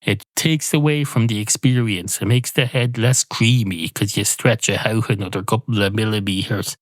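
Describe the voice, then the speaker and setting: A man's voice: lowish voice, moderate pace, no echo, close to an everyday voice. A man voicing a sardonic talking cat at a bar, dry, blunt and contrary, in a comedy podcast sketch.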